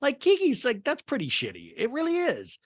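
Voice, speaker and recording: A man hosting a podcast, giving an animated, gossipy comedic recap of a reality show with lots of swearing. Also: extremely high pitch, moderate pace, slightly rough. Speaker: podcast host.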